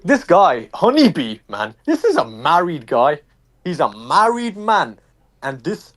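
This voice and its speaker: A young man with a Birmingham accent, a streamer being interviewed, talking casually and ranting heatedly with lots of swearing. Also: on the high side. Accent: Birmingham English. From England. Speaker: streamer, guest.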